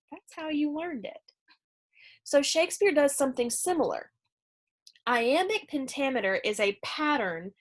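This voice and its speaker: Woman, English teacher, fairly high voice, casual explaining, recorded lesson. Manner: chatty and conversational, explaining with fillers. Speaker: middle school English teacher.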